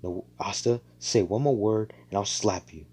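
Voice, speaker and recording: A man's voice: fairly low pitch, normal speed, dark tone, husky. A man voicing a haughty young royal woman with a prickly, snippy temper.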